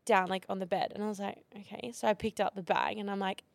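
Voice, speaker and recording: A woman's voice: mid-range voice, fast, gravelly, no room sound. A young woman in her twenties co-hosting a casual podcast, telling a story with lots of fillers. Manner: animated storytelling with many fillers. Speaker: podcast co-host. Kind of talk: casual chat.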